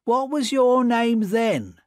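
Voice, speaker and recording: A reader voicing a blunt, nosy working man who loudly presses a stranger with questions in a storybook reading. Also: medium pitch, animated, slow, no room sound, studio quality, voice pushed up. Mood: pushy. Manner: loud, pushy questioning.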